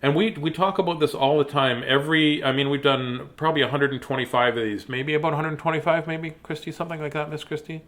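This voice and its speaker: A man who hosts a children's reading show, speaking gently and earnestly to young viewers about kindness, with pauses and filler words. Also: on the high side, fairly even intonation. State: choked up. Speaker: children's story reader and host. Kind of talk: reading aloud to kids, then heartfelt talk.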